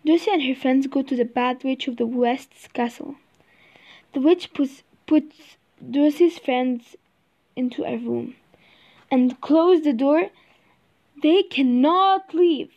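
A woman reads a children's storybook aloud. Her voice is high and unhurried, and she halts and repeats words now and then. The recording is slightly dull. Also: warm tone. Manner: slow, halting, repeats words. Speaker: reader.

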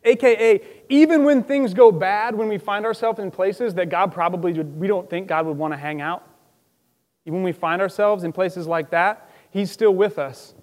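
A man with a high voice preaches a casual, animated sermon. He acts out quotes with sudden loud outbursts. His voice carries a long reverb from the church hall around him. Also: normal speed. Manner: lively, conversational, acts out quotes with loud bursts. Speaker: pastor.

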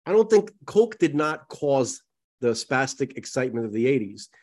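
A man's voice: medium pitch, big pitch swings, moderate pace, a little mellow. A man co-hosting a casual podcast chat, rambling and emphatic, with a slight lisp, talking to the listeners as folks. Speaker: podcast co-host.

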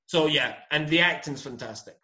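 A man's voice: on the high side, moderate pace, bright, forceful tone, muffled recording. A Scottish man co-hosting a podcast, chatting casually in a blunt, teasing, jokey way. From Scotland. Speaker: podcast co-host. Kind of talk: casual chat.

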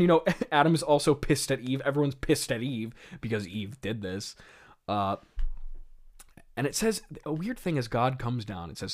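Male podcast host, casual and rambling, stammers through amused asides. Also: medium pitch. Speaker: podcast host reviewing a script. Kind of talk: casual commentary.

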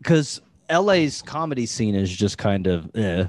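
A man's voice: on the low side, sing-song, a little slow, no echo. A man hosting a podcast in casual chat, rambling and profane, with lots of fillers. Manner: rambling, full of "like" and restarts, profane. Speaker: podcast host.

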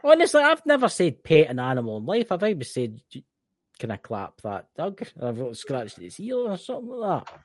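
A man's voice: high-pitched, a little fast, dry recording. A Scottish man from Scotland co-hosting a podcast, chatting casually with lots of exclaiming and restarts. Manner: animated, exclaiming, many restarts. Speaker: podcast co-host. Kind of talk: casual chat.

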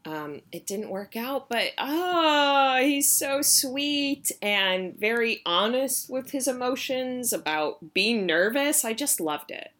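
A woman co-hosting a podcast, chatting casually and animatedly in a quick recap. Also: fairly high pitch. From United States. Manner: animated, quick reactions, lots of "like". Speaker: podcast co-host.

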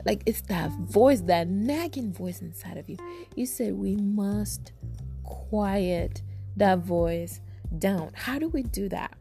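A woman's voice: mid-range voice, lively intonation, slow pace, gravelly, darkish tone, faint music behind. Emphatic woman podcast host. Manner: emphatic, repeats phrases for stress; talks straight to listeners as "you guys". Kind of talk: casual self-help book discussion.

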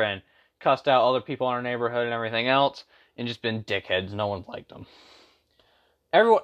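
A man's voice: medium pitch, lo-fi sound. A young man vlogging a casual storytime rant, rambling with lots of fillers and slang.

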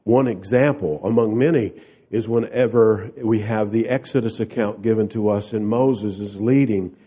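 A man's voice: fairly low pitch, normal speed, dark tone, breathy edge. A man preaching a sermon, speaking emphatically and asking the congregation rhetorical questions. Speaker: pastor.

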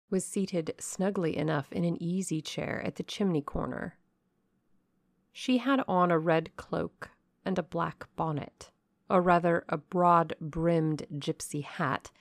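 A woman reading a classic novel aloud as an audiobook narrator, in a measured, even way. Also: fairly low pitch, gravelly, dry recording, clean studio sound. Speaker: audiobook reader.

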